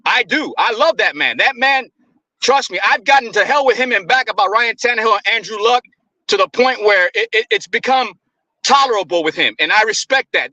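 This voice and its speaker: A man's voice: high voice, sharp tone, no echo, low-quality recording. A man co-hosting a casual sports talk show, making an earnest, argumentative case about his team. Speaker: co-host.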